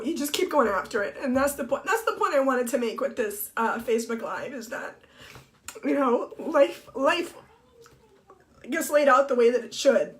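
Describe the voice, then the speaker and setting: A middle-aged woman and blogger talking on a Facebook Live, tearful and halting with many restarts, crying as she speaks. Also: on the high side, animated, slight background noise. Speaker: blogger and TV co-host. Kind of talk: emotional Facebook Live monologue. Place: home office.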